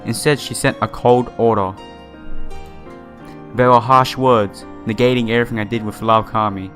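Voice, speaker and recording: An earnest, lonely young idol hopeful speaks her inner thoughts in a steady, unforced tone, as a male gamer reads her lines in his own voice. Soft game music plays faintly behind. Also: mid-range voice, moderate pace, close to an everyday voice. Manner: plain read-aloud delivery in his own voice.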